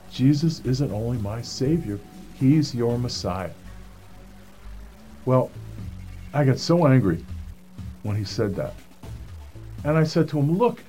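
A man's voice: mid-range voice, a little mellow. A man telling a personal faith testimony in an earnest storytelling manner, acting out the voices of the people he quotes. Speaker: speaker giving a personal testimony.

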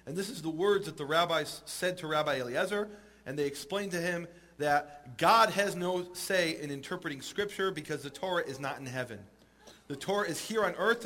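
High-voiced man telling a story. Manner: animated, rising voice at climaxes. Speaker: speaker. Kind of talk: storytelling sermon.

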